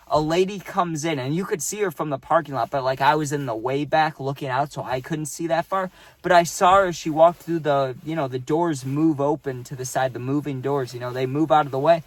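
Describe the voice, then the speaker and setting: A man's voice: on the high side, brisk, no echo. Rambling, profane young man, dry sound. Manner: rambling, profane, says "dude" and "right?". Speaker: vlogger telling a story. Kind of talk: casual storytime.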